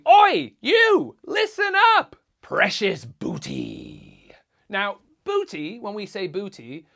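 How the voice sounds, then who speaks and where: A man's voice: fairly high pitch, fairly bright tone. A man teaching young children as a theatrical pirate showman, calling out exclamations and quizzing his audience. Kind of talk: interactive lesson for young children.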